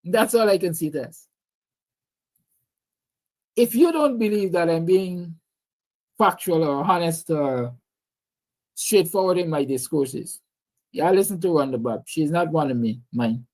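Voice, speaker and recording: A man's voice: on the high side, expressive, unhurried, pauses often, darkish tone. Impassioned Guyanese man preaching politics. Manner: impassioned, preachy, answering viewer comments. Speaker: livestream host. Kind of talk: political commentary livestream.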